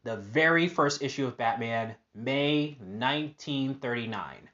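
A man's voice: mid-range voice, animated, a little slow, pushed and bright, highs cut off. A man hosting a casual personal podcast monologue, upbeat and rambling with lots of fillers and restarts. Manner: upbeat, positive. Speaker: podcast host.

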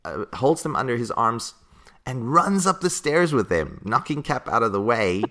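A man's voice: medium pitch, big pitch swings, normal speed, sharp tone. A man co-hosting a podcast, chatting casually about an old comic book, talkative and laughing often. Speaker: podcast co-host.

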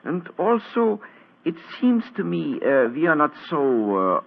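An actor playing a wounded, bedridden German count with a German accent, breathy and halting, in a 1940s radio drama. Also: male voice, on the high side, big pitch swings, full character voice. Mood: weak, earnest. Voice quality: breathy, halting, many hesitations. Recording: tinny old radio broadcast.

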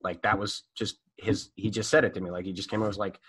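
A man telling stories in a casual, animated way, swearing freely and leaning on fillers. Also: lowish voice, fast talker, husky. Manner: animated, profane, full of fillers. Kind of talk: casual storytelling.

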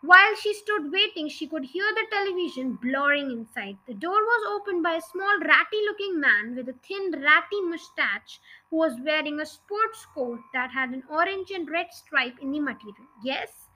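A woman narrating a children's novel chapter in a steady, measured reading. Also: high voice, poor audio. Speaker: audiobook reader. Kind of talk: storybook reading.

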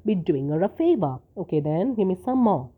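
Woman reading a bunch of gruff, hungry cops talking with their mouths full, tinny sound. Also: fairly low pitch, big pitch swings, normal speed. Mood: casual. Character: hungry male policemen chatting over dinner.

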